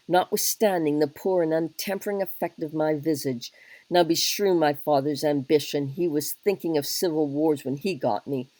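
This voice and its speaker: Low-voiced woman reading a blunt soldier king. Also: dark tone, no room sound, rough recording. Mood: ardent. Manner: earnest, plain-spoken wooing. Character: young English king, blunt soldierly wooer. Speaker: teacher reading a play aloud. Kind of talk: dramatic reading of a play.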